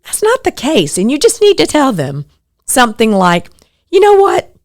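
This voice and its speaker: A woman's voice: on the high side, normal speed. A middle-aged woman hosts a podcast, talking in an earnest, reflective way. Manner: earnest, reflective, animated when quoting others. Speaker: podcast host. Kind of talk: personal podcast monologue.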